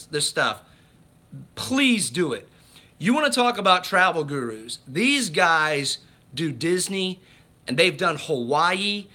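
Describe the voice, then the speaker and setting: A man's voice: a little high, bright, forceful tone. A man hosting a casual livestream chat, talking in a rambling, enthusiastic way with many restarts and greetings to viewers. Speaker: livestream host.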